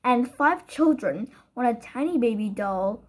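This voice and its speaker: A shy, tearful orphan girl, as a woman narrator puts her on, speaking softly and a little breathlessly in a storybook reading. The voice sits fairly high and has a husky, breathy edge. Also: animated, unhurried. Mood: tearful, wistful. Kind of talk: audiobook character voice.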